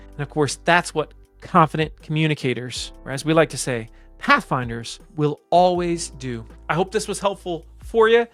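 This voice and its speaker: A man coaching salespeople on camera, talking slowly, calmly and deliberately. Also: a little high. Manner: slow, calm, deliberate coaching delivery. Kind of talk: direct-to-camera teaching.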